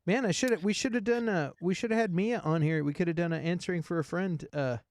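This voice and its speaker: A man co-hosting a podcast in casual chat, telling stories in a rambling, animated way with many restarts. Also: high voice, fast, no echo. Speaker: podcast co-host.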